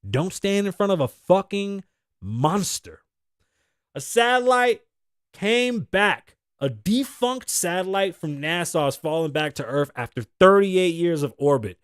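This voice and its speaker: Animated high-voiced male podcast host. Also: a little slow, clear, resonant tone, dry recording, studio quality. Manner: animated, swearing, joking, acts out quotes. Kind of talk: casual profane commentary.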